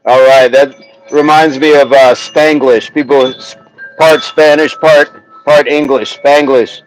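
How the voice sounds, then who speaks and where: Slow-talking man chatting on a livestream. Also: medium pitch, steady tone, soft background music, poor audio. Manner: chatty, reads chat aloud, sounds out words slowly. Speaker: livestream host. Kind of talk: casual livestream chat. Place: outdoors, windy, a tree behind him.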